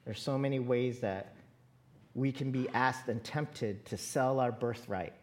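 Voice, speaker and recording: A woman's voice: a bass voice, unhurried, a little mellow. A woman pastor giving a sermon in an earnest, conversational way, calling out to her congregation. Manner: earnest, conversational preaching with direct appeals to the congregation.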